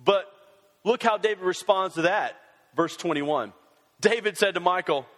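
Male pastor, high voice, animated sermon delivery with sarcastic asides, long hall reverb. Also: moderate pace. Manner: animated, mixes sarcasm and humor with scripture reading.

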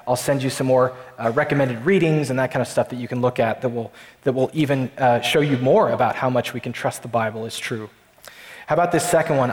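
A pastor preaching a sermon to his congregation, emphatic and slowing down to stress key lines. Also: mid-range voice, roomy sound, in a large hall.

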